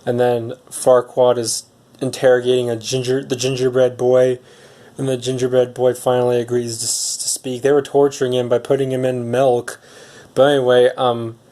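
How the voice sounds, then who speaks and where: A man casually recapping a film's plot in a rambling, hesitant way, full of restarts and pauses. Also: medium pitch, flat delivery, dark tone. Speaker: movie reviewer.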